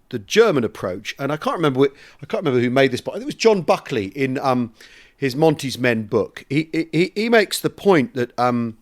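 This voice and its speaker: A man co-hosting a casual history podcast, reading a listener's letter aloud with relish and chatting. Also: medium pitch. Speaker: podcast co-host.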